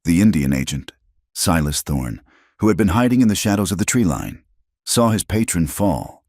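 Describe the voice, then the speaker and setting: A man narrating a story in a very deep, low voice. His delivery is steady and dramatic. The recording is dry and close. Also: normal speed, no echo. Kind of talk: scripted narration.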